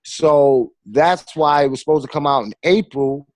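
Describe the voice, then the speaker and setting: A man's voice: on the high side, normal speed, no echo. A man, a filmmaker guest, talking casually and animatedly, full of slang and repeated fillers. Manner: animated storyteller with street slang. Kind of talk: casual conversation.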